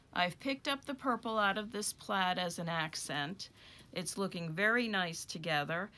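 A woman gives a hands-on craft lesson, thinking aloud as she sorts and lays out materials. Her voice sits at an ordinary middle pitch, and her delivery is easy and conversational. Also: fairly bright tone. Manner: chatty, thinking aloud while handling wool. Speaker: rug hooking instructor.

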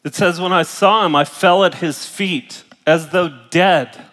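A middle-aged male pastor preaches to a large room, his voice strained from pain and broken by coughs and throat-clearing. He sits a little high for a man and swings from soft, close phrases to loud emphatic bursts. Long reverb from the hall trails behind each line. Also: measured pace. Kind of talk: sermon. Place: large church auditorium.

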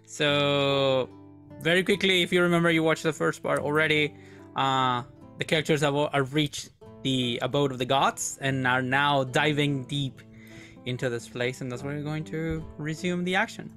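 A man's voice: on the high side, fairly even intonation, normal speed, a bit bright. Guy game master narrating, lots of likes and ums, faint music in the background. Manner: rambling, searching for words with many fillers.

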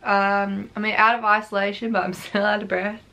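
A woman's voice: medium pitch, level tone, normal speed, pushed and bright, lo-fi sound. A young woman chatting casually to camera in her craft vlog, out of breath, rambling and laughing often. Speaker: craft vlogger.

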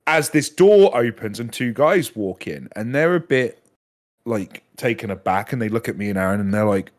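A man's voice: on the low side, expressive, normal speed. A man in his thirties, a podcast guest, telling a story in casual chat, swearing freely and acting out the other people's lines.

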